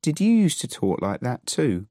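A man's voice: mid-range voice, wildly swooping pitch, normal speed, dark tone, no echo, clean studio sound, voice pushed up. A man reading the part of a giggling young wife who sounds amused and teasing.

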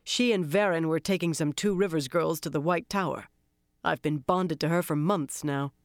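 A reader voicing a weary, brooding young man who speaks flatly and gruffly, with a resigned tone, in an audiobook. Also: mid-range voice, moderate pace, no echo, studio quality, lightly acted. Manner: flat, growling, resigned.

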